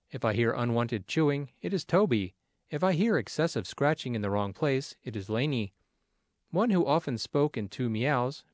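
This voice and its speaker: A man reading a personal essay aloud in a measured, plainspoken way. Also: mid-range voice, no room sound, studio quality. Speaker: narrator.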